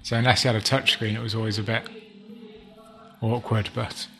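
A man's voice: lowish voice, flat delivery, brisk, vocal fry, bright, forceful tone. A man co-hosting a tech podcast, speaking hesitantly with plenty of ums. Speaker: podcast co-host reading the news. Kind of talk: casual tech chat.

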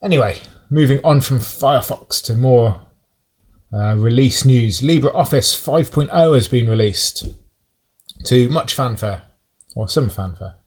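A man's voice: medium pitch, unhurried, darkish tone, breathy edge. Male podcast host, casual tech talk, thinks aloud with lots of ums. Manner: thoughtful, hesitant with many ums.

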